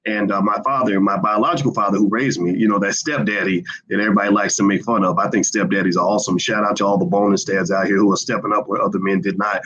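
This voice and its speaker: A man's voice: on the low side, steady tone, fast talker, hardly any pauses, fairly bright tone, lo-fi sound. A man hosting a casual livestream, talking in a loose conversational way with many fillers and restarts. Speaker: livestream host. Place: indoors, hotel.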